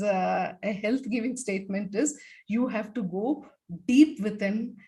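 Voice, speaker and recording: Woman, laughter workshop leader on a video call, slow pace, lots of fillers. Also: on the high side. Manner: leads the group, demonstrating laughter sounds with loud bursts; talks with many fillers. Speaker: laughter yoga expert. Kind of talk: guided laughter exercise talk.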